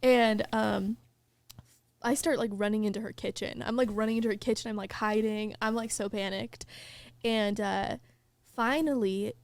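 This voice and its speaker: This young podcast host tells an animated story during casual chat, saying "like" constantly and laughing in the middle of sentences. Her medium-pitched voice, at normal speed with some vocal fry, is captured in a dry recording.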